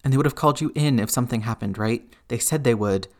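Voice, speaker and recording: A man voicing an anxious, excitable teenage boy who rambles shakily. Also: mid-range voice, lightly acted. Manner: shaky, rushed, rambling.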